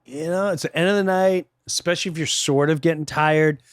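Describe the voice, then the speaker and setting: A middle-aged man chatting casually on a podcast as a guest comedian, an animated storyteller who acts out voices and swings from loud bursts to near whispers. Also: on the high side, fairly quick, clear, resonant tone, dry recording, clean studio sound. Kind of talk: casual chat.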